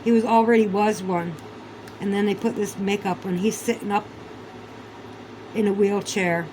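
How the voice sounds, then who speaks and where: A woman in the middle of a vlog rant, heated and profane, scoffing with sarcasm and disbelief. Her voice sits at an ordinary middle pitch, with a faint hum of room ambience behind her. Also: fairly even intonation, normal speed, darkish tone, rough recording. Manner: sarcastic, incredulous. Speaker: vlogger. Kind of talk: casual ranting monologue.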